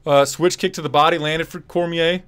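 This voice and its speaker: A man giving casual play-by-play fight commentary on a live stream, quick and loose with fillers and restarts. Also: on the high side, fairly even intonation, fairly bright tone, clear, resonant tone.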